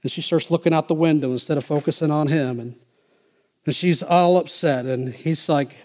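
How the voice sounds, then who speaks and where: High-voiced emphatic male preacher. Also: moderate pace. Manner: emphatic, swings from quiet to loud. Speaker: pastor. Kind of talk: sermon.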